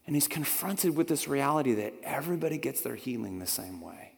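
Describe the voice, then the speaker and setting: A man preaching a sermon, telling a story with lively acted-out voices that swing from loud to hushed. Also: on the high side, brisk, gravelly, hardly any pauses, husky. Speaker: pastor. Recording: long hall reverb.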